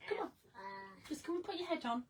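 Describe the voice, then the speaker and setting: A woman's voice: extremely high pitch, lively intonation, fast talker, slight background noise, low-quality recording. A woman chatting casually on a craft livestream from her studio, giggling and greeting viewers by name. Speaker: craft live streamer. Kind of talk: casual live-stream chat.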